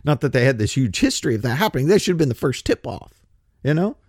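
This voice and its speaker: A man's voice: medium pitch, sing-song, fast talker, a little mellow, dry recording, studio quality. A man giving casual, sarcastic commentary, full of rhetorical questions and stammered restarts. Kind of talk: casual political commentary chat.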